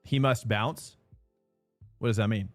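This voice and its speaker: A man's voice: fairly low pitch, steady tone, a little slow, dry recording, soft background music. A young man streaming a sim race live, rambling and chatting with viewers. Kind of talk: live stream chat while racing.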